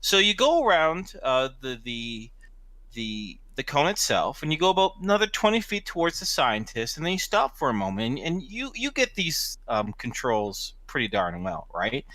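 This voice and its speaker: Guy running a tabletop game, bright voice, lots of uh and the-the. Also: medium pitch, very animated, normal speed, dry recording. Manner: rambling with many restarts and fillers. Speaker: game master.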